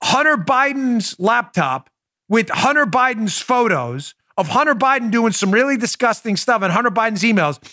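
A man's voice: extremely high pitch, animated, moderate pace, sharp tone, no room sound, clean studio sound. A man hosting a political podcast, talking in a sarcastic, incredulous and emphatic way to his listeners and his co-host. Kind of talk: opinionated podcast monologue.

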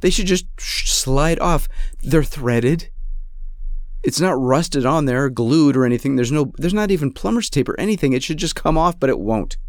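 A man's voice: on the high side, animated, normal speed, no echo, clean studio sound. A man hosting a podcast, telling a comic story in an exasperated, self-mocking rant. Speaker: podcast host. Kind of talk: casual comedic storytelling.

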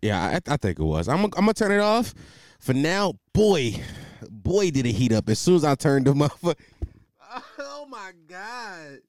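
Male podcast host, comic rambling monologue, profane, very animated pitch, dry close mic. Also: fairly quick, no echo. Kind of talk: casual comedic monologue. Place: hot room at home with a fan. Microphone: desk microphone.

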